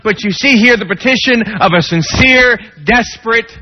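Male preacher, dramatic swings from hushed to pleading, muffled lo-fi sound. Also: normal speed. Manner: dramatic, swings between hushed low tones and raised pleading. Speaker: pastor. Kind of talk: sermon. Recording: dull lo-fi sound with long hall reverb.

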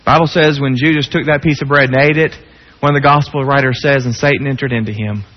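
A man preaching a sermon, dropping to hushed low tones and rising to raised pleading. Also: fairly even intonation, quick pace. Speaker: pastor. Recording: dull lo-fi sound with long hall reverb.

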